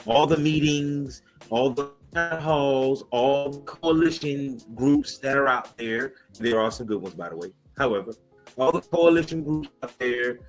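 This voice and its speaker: A man's voice: medium pitch, moderate pace, low-quality recording. Man, talk show guest, adamant, insistent, punchy emphasis, faint music underneath. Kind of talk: emphatic interview answers. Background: soft music bed.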